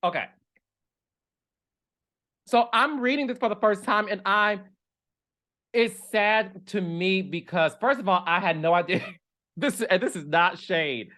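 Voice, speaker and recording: A man hosting a reality TV commentary show, talking in an animated, chatty way with dramatic asides. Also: sits high, unhurried, long pauses. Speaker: reality TV commentator and podcast host. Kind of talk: casual chat.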